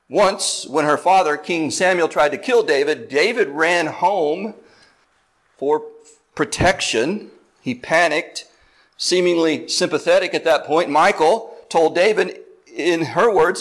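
A man preaching a sermon, earnest and deliberate, slowing down to stress key phrases and explaining terms step by step. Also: a little high, lively intonation, a bit bright. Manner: earnest, deliberate preaching with slow emphatic stretches; explains words step by step, asks listeners "right?". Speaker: pastor.

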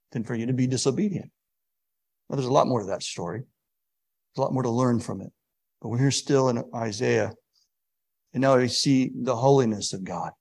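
A man preaching a sermon, swinging from hushed, drawn-out words to sudden booming emphasis. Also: gravelly, husky.

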